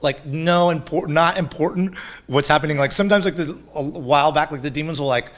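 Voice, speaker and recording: Brief: excitable male guest, fairly high voice, laughs and swears as he talks. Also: brisk. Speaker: shaman guest. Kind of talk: animated storytelling interview.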